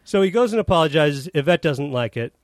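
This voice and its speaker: Animated male storyteller, slightly high voice. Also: a little fast, no echo, studio quality. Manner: animated storyteller, acts out quotes. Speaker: guest, film director. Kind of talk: casual podcast chat.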